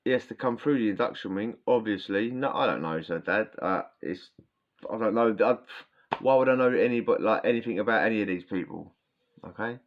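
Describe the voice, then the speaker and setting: A man's voice: fairly low pitch, fairly quick. A man telling prison stories in a rambling, slangy way, often restarting his sentences, with a sore throat. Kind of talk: casual storytelling. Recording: dull lo-fi sound.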